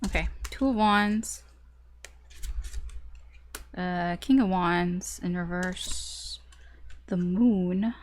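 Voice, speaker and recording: A woman's voice: fairly low pitch, extremely slow, pauses often, a little hiss or hum. Chatty woman giving a tarot reading. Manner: chatty, laughs often, swears casually; animated storytelling. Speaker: tarot reader.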